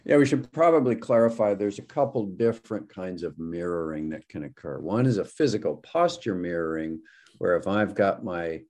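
A man who works with patients, calmly clarifying points in a casual discussion. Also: deep voice. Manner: measured, clarifying. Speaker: clinician.

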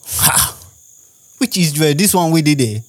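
A man's voice: fairly high pitch, lively intonation, a little slow. A young Nigerian man with a Nigerian accent, rambling through a casual monologue as a podcast host and firing off rhetorical questions.

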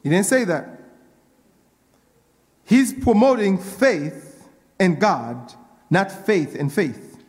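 A male pastor preaches in a high, ringing voice. He repeats his lines, calls out to the congregation and works himself up as he goes. The sound carries the long reverb of a church hall. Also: takes it slowly, pauses often. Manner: call-and-response preaching, repeats phrases, grows excited. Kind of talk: sermon.

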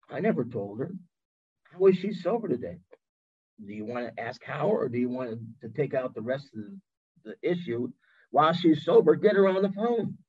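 Husky man telling animated stories. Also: medium pitch, lo-fi sound. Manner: animated, acts out quoted voices. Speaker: podcast guest. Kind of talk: storytelling in an interview chat.

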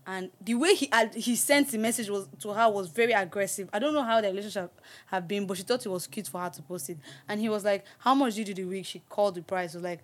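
A woman hosting a podcast, chatting casually and telling stories with lively laughs. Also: mid-range voice, fast. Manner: animated storytelling, laughs often. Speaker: podcast host. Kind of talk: casual chat.

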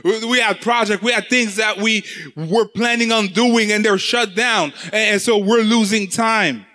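Man preaching, very high voice, bright tone, sing-song, repeats words. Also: a little slow. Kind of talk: sermon.

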